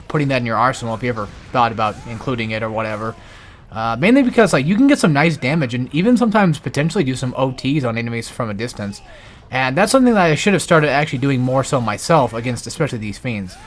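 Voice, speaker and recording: Man, game guide narrator, a bit winded, loose rambling delivery with fillers, mid-pitched. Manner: rambling, many fillers and restarts. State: out of breath. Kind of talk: casual gameplay commentary.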